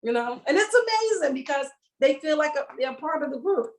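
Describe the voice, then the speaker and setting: Animated comedian woman, higher voice. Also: fairly quick, rough recording. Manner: animated, acts out voices and sounds. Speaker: comedian, guest. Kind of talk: casual chat.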